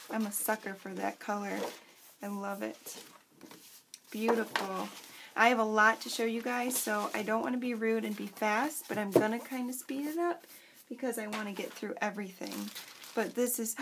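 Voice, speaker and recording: A woman's voice: fairly high pitch, measured pace, vocal fry, background noise. Gushing young woman. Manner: gushing, excited, full of fillers and asides. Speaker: craft vlogger. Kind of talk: casual chat to camera. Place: home.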